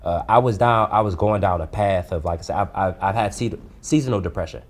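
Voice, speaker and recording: A man in his twenties, a guest in an interview, talking earnestly and casually with relaxed dialect grammar and easy laughter. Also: sits low, a little fast. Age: 20s. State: choked up at times. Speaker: guest, food reviewer.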